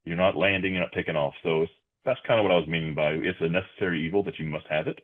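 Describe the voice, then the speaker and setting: A man with a very deep voice answers interview questions at a measured pace, often circling back with "you know" and repeated words. His voice comes through a thin, phone-like remote connection that strips away the fullness of the sound. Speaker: podcast guest. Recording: tinny phone-like remote line.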